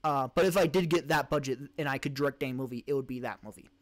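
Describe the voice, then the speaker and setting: A fast-talking man with a medium-pitched voice, a podcast host and live streamer, runs a casual live-stream Q&A from his streaming desk mic. He reads chat questions and answers them in a rambling way, restarting and correcting himself.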